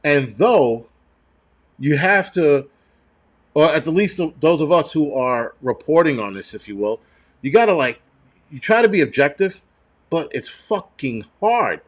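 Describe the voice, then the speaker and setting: Man, angry profane livestream rant, slightly high voice, stammering restarts. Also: animated. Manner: halting restarts and repeated words. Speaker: livestream host. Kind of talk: live-streamed rant.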